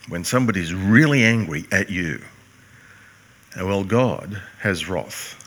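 Bright-voiced older male pastor preaching. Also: sits low. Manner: earnest, emphatic preaching with rhetorical questions. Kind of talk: sermon.

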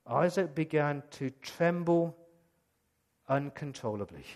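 A male pastor giving a lively storytelling sermon, acting out the scenes as he goes. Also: fairly high pitch, moderate pace, pauses often. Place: church. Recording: long church-hall reverb.

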